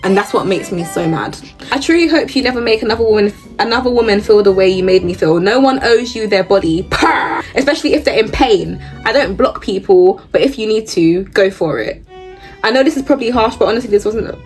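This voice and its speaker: Blunt, animated woman reacting on camera. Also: mid-range voice, brisk, soft background music. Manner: blunt, animated, laughs and gasps while reading. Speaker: host reading reddit posts. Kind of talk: casual reaction commentary.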